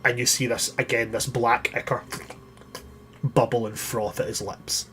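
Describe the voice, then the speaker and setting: A man's voice: medium pitch, flat delivery, a little slow, a bit bright. A man acting as game master, narrating a tabletop game in vivid, grisly detail, sometimes restarting his sentences.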